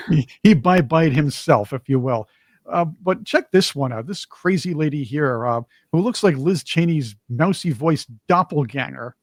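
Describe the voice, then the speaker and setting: A man's voice: on the high side, sing-song, unhurried, dry recording, studio quality. A man co-hosting a casual political commentary talk show, mocking opponents and putting on whiny voices to imitate them. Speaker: podcast co-host.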